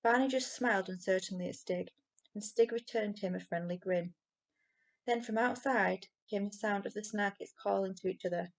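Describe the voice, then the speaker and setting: A woman's voice: medium pitch, moderate pace, creaky. Woman reading a children's story aloud. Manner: expressive storytelling. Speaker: reader.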